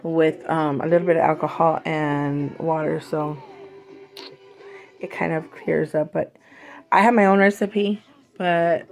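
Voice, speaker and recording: Woman vlogger, unhurried, sick and coughing, gushy rambling chat, faint music under. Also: low-pitched, steady tone, gravelly, a little mellow. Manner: chatty, gushing, rambling with fillers. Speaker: vlogger showing purchases. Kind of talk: casual unboxing chat.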